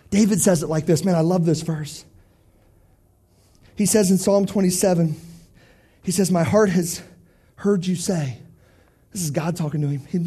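A man giving an animated youth sermon, talking straight to teenagers and swinging from hushed to loud. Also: sits high, breathy edge. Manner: addresses teens directly. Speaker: youth pastor.

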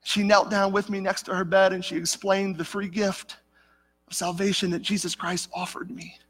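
Middle-aged pastor guy preaching, very high voice, long echo off the church hall. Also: flat delivery, moderate pace, fairly bright tone, slightly rough. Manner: earnest storytelling, addresses the congregation as "church". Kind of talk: sermon. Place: church sanctuary.

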